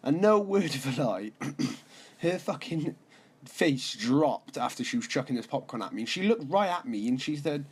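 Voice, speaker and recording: A man's voice: mid-range voice, sing-song, normal speed, husky. Sweary laid-back young man. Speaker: vlogger. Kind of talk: casual storytelling.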